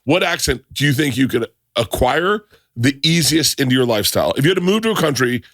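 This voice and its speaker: A man hosting a podcast, telling stories in casual chat with quick impressions. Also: medium pitch, dry recording, clean studio sound. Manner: animated storyteller, jumps into impressions. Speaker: podcast host.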